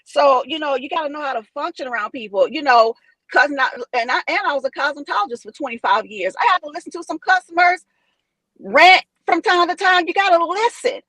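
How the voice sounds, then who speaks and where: Earnest, high-voiced middle-aged woman. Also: fairly bright tone, dry recording, rough recording. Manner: earnest, measured, lots of "you know". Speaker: guest, former cosmetologist. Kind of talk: casual discussion.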